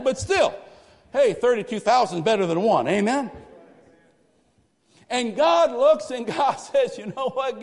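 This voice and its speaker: Man, pastor, high voice, animated preaching, loud cries and quiet asides, long church reverb. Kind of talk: sermon. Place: church sanctuary.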